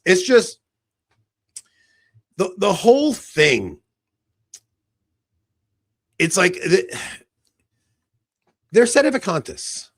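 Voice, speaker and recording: A man with a New York accent co-hosting a podcast, talking in an animated, excitable way and swearing freely. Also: high-pitched, creaky, dry recording. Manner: animated, excitable, cursing, quick laughs. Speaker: podcast co-host. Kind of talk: casual podcast chat.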